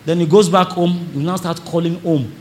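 A man with a fairly high voice preaches to a congregation during a church service at normal speed, with slight background noise present. As pastor, he's animated, playing out churchgoers and prompting the audience to respond.

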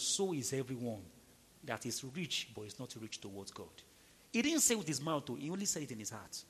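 A man preaching a sermon, emphatic, shifting between loud rhetorical questions and low, intimate tones. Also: in a large hall, slight background noise. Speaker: pastor.

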